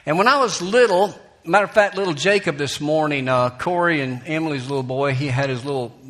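A man from Alabama, a pastor preaching a sermon in church, telling folksy stories with soft laughs and sudden preacherly lifts. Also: fairly high pitch, a little fast.

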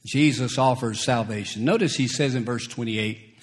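Preaching a sermon in a medium-pitched voice, this man is slow and deliberate, chuckling between his points and dramatizing scripture quotes.

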